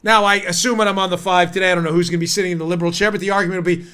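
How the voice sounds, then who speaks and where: A middle-aged male talk show host with a high, bright, forceful voice. He talks in an animated way, acting out little scenes and dropping quick asides. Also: clean tone. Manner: animated, acts out mock scenes, rapid asides.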